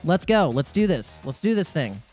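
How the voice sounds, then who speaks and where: A man hosting a crypto live stream, talking in an excitable, rambling rant full of restarts. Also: fairly high pitch, normal speed, soft background music.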